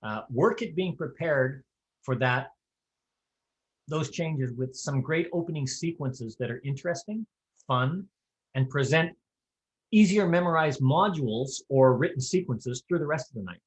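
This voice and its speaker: A man's voice: a little high, animated, unhurried, low-quality recording. Folksy man teaching square dance calling. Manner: conversational, folksy and practical, with offhand humor. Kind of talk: instructional talk.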